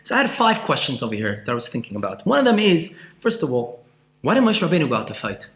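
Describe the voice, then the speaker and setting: A man giving a passionate Torah class, asking questions and swinging from loud outbursts to hushed asides. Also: mid-range voice, very animated, fast, roomy sound. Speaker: Torah teacher.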